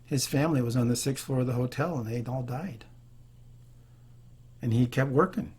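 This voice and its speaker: A man's voice: mid-range voice, normal speed, darkish tone, breathy edge. A man hosting a leadership video, talking earnestly and unscripted, with frequent restarts. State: choked up. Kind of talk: unscripted talk to camera.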